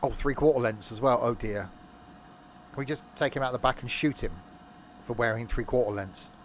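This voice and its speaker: While streaming a train simulator, a man banters jokingly and reads out messages from his viewers in casual gameplay commentary. He has a mid-range voice at normal speed, with slight background noise.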